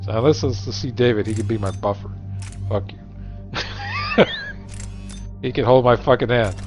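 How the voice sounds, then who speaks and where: A man's voice: mid-range voice, moderate pace. A middle-aged man chatting casually while gaming, rambling and profane, cracking jokes at his friends' expense. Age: 40s or 50s. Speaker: gamer streaming. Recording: dull lo-fi recording, faint music.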